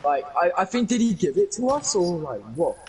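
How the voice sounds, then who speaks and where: A young man, excitedly telling a story to friends in a casual, swearing, rambling way. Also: sits high, brisk, slight background noise. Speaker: gaming channel host. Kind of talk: animated storytelling chat.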